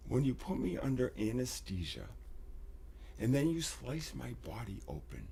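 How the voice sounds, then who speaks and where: A man hosting a livestream, talking intensely, often sinking into whispers and bursting into shouts, rambling and swearing. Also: medium pitch, sing-song, measured pace, vocal fry, pauses often, noisy background. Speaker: livestream host. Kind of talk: emotional livestream monologue. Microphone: desk USB microphone.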